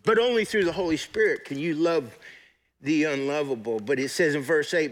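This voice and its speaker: A man with a fairly high voice preaches a sermon in a church service. He talks in a conversational way, stopping to ask the congregation questions and waiting on their answers. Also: normal speed. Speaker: pastor.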